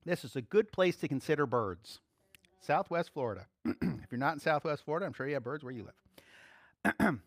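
Lively, chatty preacher with a dry sound. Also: mid-range voice, no echo. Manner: animated, acts out little voices and quotes; chuckles often, informal. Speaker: pastor. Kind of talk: conversational sermon.

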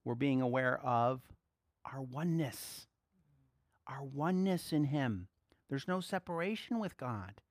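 A man preaching a sermon, swinging between soft, quiet asides and loud, excited exclaiming. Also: medium pitch, measured pace, no room sound, studio quality.

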